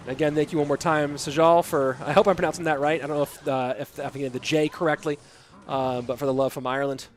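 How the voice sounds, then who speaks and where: A man casting live esports play-by-play, chatty and reading out viewer messages between plays, getting excited at big plays. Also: on the high side. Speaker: esports caster and stream host. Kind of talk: live play-by-play game commentary.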